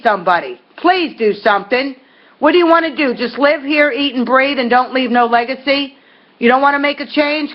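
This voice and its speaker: A middle-aged woman at home, making a pleading, rambling appeal straight to her viewers, full of fillers and restarts. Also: fairly high pitch. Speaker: vlogger. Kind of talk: impassioned direct-to-camera appeal. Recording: dull lo-fi recording.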